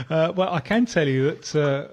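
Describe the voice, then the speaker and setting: A man discussing football on the radio in a measured, analytical way, with frequent stammered restarts. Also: on the high side, darkish tone. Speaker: studio pundit.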